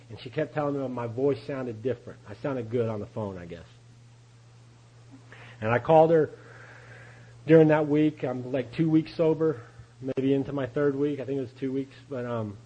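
A man's voice: medium pitch, mellow, husky, muffled recording. A middle-aged man telling his recovery story at a meeting in a folksy, confessional way, often laughing as he acts out what others said. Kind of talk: AA speaker talk, storytelling.

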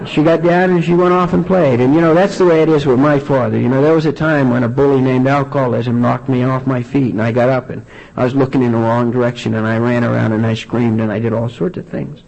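A man gives a heartfelt testimony at a recovery meeting, his voice gravelly with a husky edge. He talks earnestly and often trips over his words and starts again. The recording sounds dull and lo-fi. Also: medium pitch, level tone, a little mellow. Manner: earnest, halting, frequent restarts. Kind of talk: personal testimony talk.

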